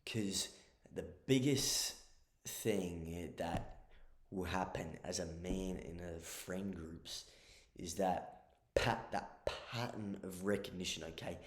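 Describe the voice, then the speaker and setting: A man talks through casual advice in a low voice, blunt and sweary, checking in with the listener over and over. The sound has a roomy echo around it. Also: takes it slowly. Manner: blunt and profane, keeps checking in with "okay?". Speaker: advice vlogger.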